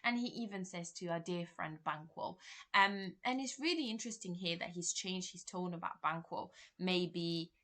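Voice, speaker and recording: A woman's voice: lowish voice, moderate pace, a bit bright. A woman teacher and examiner, explaining a play in a revision lesson and paraphrasing quotes in plain words.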